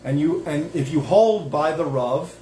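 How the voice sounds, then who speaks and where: A man's voice: a little high, expressive, unhurried, mellow, echoey room, a little hiss or hum. A man hosting his own show, giving a digressive religious monologue in a folksy, self-interrupting way. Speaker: host.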